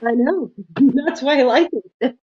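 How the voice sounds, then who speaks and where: A high-pitched woman chats on a relaxed livestream, reading out viewer comments and laughing along the way. The sound is dull and lo-fi, like streamed audio. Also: measured pace. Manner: reads viewer comments aloud, laughs often. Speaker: livestream quilting host. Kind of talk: casual livestream chat.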